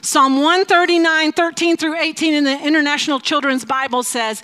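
Woman preacher, high bright voice, slow deliberate sermon, laughs often between points. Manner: laughs often, playful asides. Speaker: speaker teaching a faith message.

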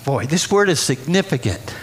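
A man's voice: a little high, big pitch swings, moderate pace, slight background noise. A man preaching a sermon, exuberant and repetitive, often laughing between phrases.

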